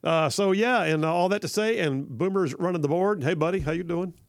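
Man, talk radio host, gravelly voice, dry close studio sound, upbeat, rambling. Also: sits high, fairly quick, dry recording. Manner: upbeat, jokey, rambling with fillers. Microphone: studio mic.

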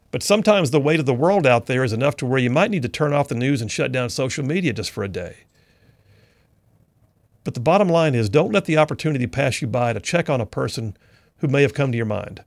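On his talk radio show, a middle-aged host with a fairly high voice shares an army story as storytelling commentary. His earnest, folksy telling takes on a preacher-like tone, and the recording is dry.

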